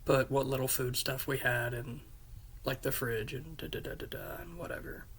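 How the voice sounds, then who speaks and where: A man's voice: medium pitch, steady tone, moderate pace, a bit bright, a little hiss or hum. A young man telling a rambling casual story about a trip, with many fillers and restarts. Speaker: vlogger.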